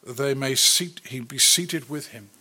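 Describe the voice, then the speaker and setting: A man preaching a sermon, earnest and deliberate, rising to loud declarations and then dropping to a near hush. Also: mid-range voice, breathy edge. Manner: slow, earnest preaching that swells loud then drops very soft.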